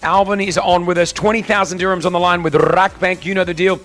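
A man hosting a live morning radio show, teasing his co-host and running a quiz at a brisk pace. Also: sits high, steady tone, fairly bright tone, faint music behind. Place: hotel venue for a live broadcast.

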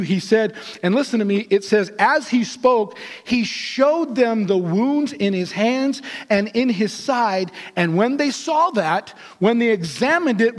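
A male pastor telling a story in a sermon, animated and acting out the characters' voices. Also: high-pitched, normal speed. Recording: long hall reverb.

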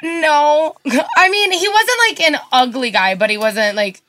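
Młoda kobieta, współprowadząca luźną rozmowę radiową, często się śmieje i opowiada historie. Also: female voice, high voice, unhurried, pushed and bright, no echo. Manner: giggly, storytelling. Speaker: co-host. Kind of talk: casual radio chat.

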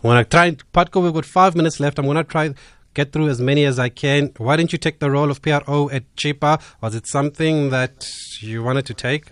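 South African radio host reading messages. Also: male voice, a little high, clean tone, dry recording. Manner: brisk, reads listener messages aloud. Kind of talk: radio talk show hosting.

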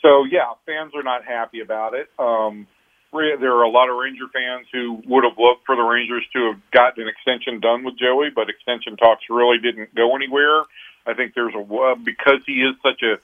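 A man's voice: mid-range voice, fairly even intonation, normal speed. A man, a baseball reporter, analyzing a player in a radio phone interview, often restarting his sentences. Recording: tinny phone line.

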